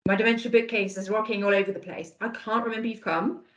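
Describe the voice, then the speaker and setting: A woman's voice: mid-range voice, fairly even intonation, fast talker, roomy sound, low-quality recording. A woman presenting an online dementia awareness session over a video call, with an encouraging, conversational manner. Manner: warm, encouraging, praises answers from chat. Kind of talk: online training talk.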